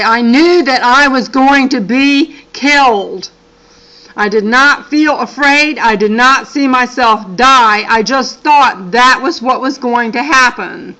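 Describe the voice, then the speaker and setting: A woman's voice: on the high side, sharp tone, clean tone, dull audio. An older woman and grandmother reading a dream account aloud, breaking off for earnest, apologetic asides. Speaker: channel host.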